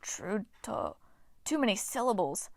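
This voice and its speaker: A woman voicing an excitable, greedy little male dwarf prankster who wails and squeals. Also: mid-range voice, unhurried, vocal fry, dry recording, exaggerated voice. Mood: eager. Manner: wailing, eager.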